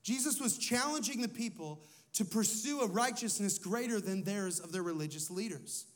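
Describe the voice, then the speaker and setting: A lead pastor delivers a sermon in a conversational style, putting questions to his listeners and sharing personal stories. His voice sits high and sounds animated, moving at a normal speed.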